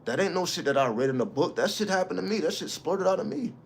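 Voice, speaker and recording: On his own channel, a man with a high, gravelly voice speaks quickly and expressively. It's a casual spiritual monologue, emphatic and preachy, full of free swearing, and the recording carries slight hiss or hum.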